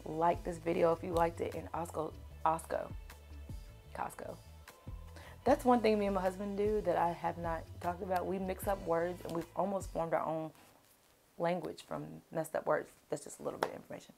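A young woman with a Southern country accent, chatting casually to camera in a Q&A beauty vlog, devout and animated. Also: lowish voice, moderate pace, creaky, faint music behind. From Kentucky, USA. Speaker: beauty vlogger.

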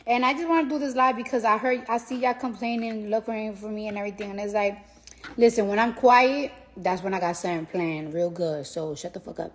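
A woman's voice: medium pitch, fairly quick, a little hiss or hum. A tired woman rambling casually and profanely on a live stream from her phone, repeating herself as she talks to fans.

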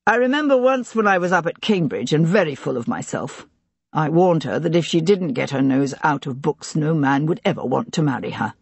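Grieving, desperate gentleman in his thirties, husky and halting. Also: medium pitch, no room sound. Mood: subdued. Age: 30s. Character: grieving young gentleman, brother of missing woman. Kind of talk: audiobook character reading.

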